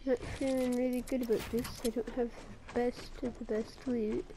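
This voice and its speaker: A woman's voice: fairly high pitch, flat delivery, normal speed, warm tone, a little hiss or hum. A woman giving live commentary while playing a battle royale game, muttering to herself and breaking into sarcastic, swearing outbursts. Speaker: gamer.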